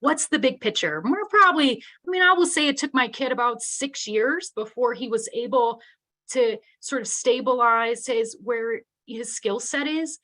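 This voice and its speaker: A woman's voice: a little high, sharp tone. A middle-aged woman giving a live online keynote on special education, talking earnestly and conversationally and often checking in with "right?".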